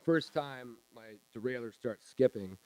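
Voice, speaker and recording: A man telling a personal story live on stage in a small theater, halting and repeating words as he acts out his own reactions. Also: mid-range voice, mellow, clean tone, no echo.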